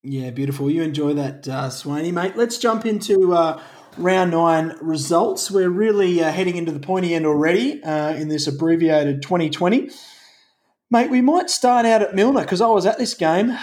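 A man's voice: high voice, normal speed, a little mellow. An Australian man hosting a rugby podcast, chatty and jokey as he moves the talk along. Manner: chatty, jokey, leads the segments. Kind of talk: casual chat.

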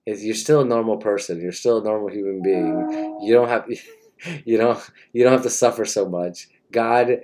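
A man's voice: on the low side, normal speed, a little mellow. A young man giving a rambling, mock-earnest comedic monologue and interrupting himself often.

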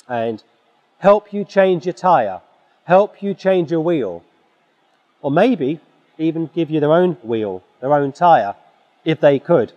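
Man preaching in an echoing hall. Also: fairly high pitch. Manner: forceful, exhorting, with frequent throat-clearing. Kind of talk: sermon. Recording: dull sound in a reverberant hall.

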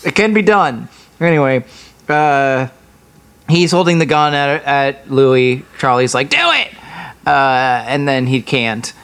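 A man's voice: medium pitch, slow, fairly bright tone, clear, resonant tone. A man co-hosting a podcast, casually recapping a TV episode with a rambling, laughing delivery. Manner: rambling, laughs often, swears. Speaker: podcast co-host.

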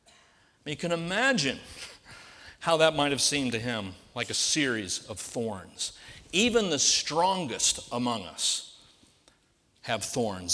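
In a reverberant hall, a male pastor delivers a sermon in a medium-pitched, slightly bright voice, preaching conversationally and posing rhetorical questions.

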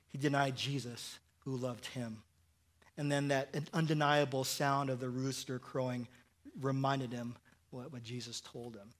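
A man's voice: on the high side, fairly bright tone. A man preaching a sermon in church, conversational and joking, often restarting and asking "right?". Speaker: pastor.

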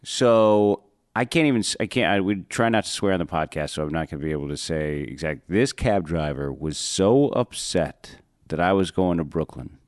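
A man, a comedian hosting a podcast, telling a story in a casual, animated way, laughing and correcting himself. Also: sits low, normal speed, no room sound, studio quality. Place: podcast studio.

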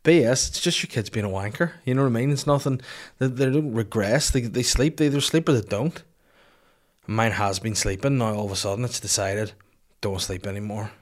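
A man's voice: medium pitch, a little fast. A tired man in his thirties hosting a solo podcast, talking in a profane, rambling comic way into a podcast mic. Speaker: podcast host. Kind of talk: casual solo podcast rant. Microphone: podcast microphone.

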